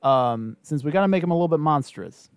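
A man's voice: fairly high pitch, animated, brisk, clean tone, no room sound. A man hosting a podcast, easygoing in a casual brainstorming chat, laughing often and asking his guest questions. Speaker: podcast host.

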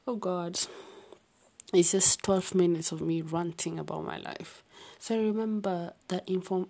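Young woman w/ an accent rambling softly at night, kinda husky, half whispering, real slow. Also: on the low side. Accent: unnamed non-native-sounding accent. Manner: soft, often half-whispered, rambling with sighs and restarts. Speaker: vlogger. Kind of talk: late-night personal ramble.

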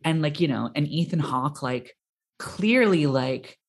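A casual podcast co-host rambles through thoughts about a film, stacking fillers and restarts. The voice sits at an ordinary middle pitch. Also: a little slow, gravelly. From America. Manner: rambling, full of "like", animated quoting.

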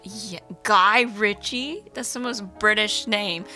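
A woman's voice: medium pitch, takes it slowly, sharp tone, soft background music. A woman guest on a casual podcast chat, giving short, dry, teasing replies.

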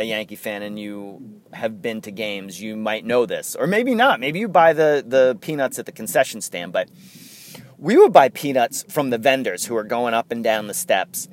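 A man's voice: mid-range voice, a little hiss or hum. A man hosting a casual chat, telling stories in a rambling way and laughing often. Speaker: podcast host.

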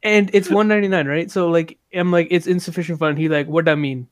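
A young man telling a work story on a podcast, animated, laughing mid-sentence and swearing freely. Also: high-pitched, fast, clean tone, dry recording, clean studio sound. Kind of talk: casual chat.

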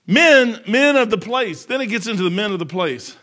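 High, bright-voiced folksy preacher man. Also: expressive, normal speed. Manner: folksy, emphatic preaching with sudden swings from loud to hushed. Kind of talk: sermon.

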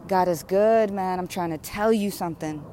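A woman's voice: fairly low pitch, normal speed, dark tone, slight background noise. Fervent woman preaching a prayer. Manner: repetitive, rhythmic, fervent preaching. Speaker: spiritual speaker. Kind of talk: impassioned prayer sermon.

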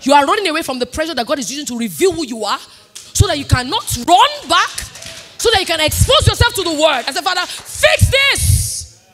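A Nigerian woman pastor in her thirties preaching a sermon, emphatic and sing-song, swinging between loud declarations and quiet asides. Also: high voice, sing-song, quick pace. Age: 30s.

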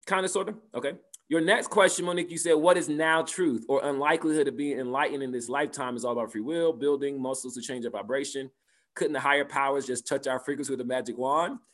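A man's voice: mid-range voice, steady tone, fast talker, a bit bright. A man teaching a spiritual class and answering participants' questions, talking conversationally, repeating phrases and asking "right?".

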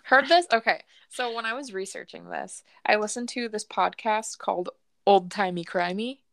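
A woman's voice: mid-range voice, normal speed, gravelly, a bit bright. A woman co-hosting a casual podcast, telling a creepy true story with lots of laughs and swearing. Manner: laughing, profane, joking storyteller. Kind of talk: casual true-crime chat.

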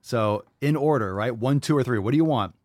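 A man's voice: medium pitch, a little fast, darkish tone, dry recording, studio quality. A man hosting a podcast and giving blunt, mocking commentary. He swears freely and fires off rhetorical questions. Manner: brash, profane, mocking. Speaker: host.

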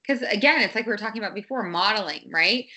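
A woman in her thirties speaks in a casual podcast chat about raising her kids. Her voice is bright and a little forceful, and she talks candidly, restarting phrases and filling gaps with "um" and "like." She sounds relaxed and open. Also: medium pitch, quick pace. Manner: chatty, candid, many fillers and restarts. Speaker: guest, parent.

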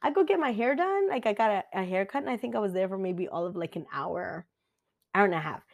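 A woman in her thirties, a mother, giving a casual chatty life update and telling stories with quick quoted asides. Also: medium pitch, animated, vocal fry. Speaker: vlogger.

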